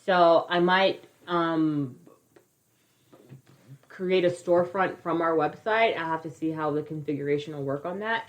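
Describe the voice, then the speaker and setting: A California woman in her thirties co-hosts a podcast, chatting casually, swearing freely and laughing often. Her voice is low and unhurried.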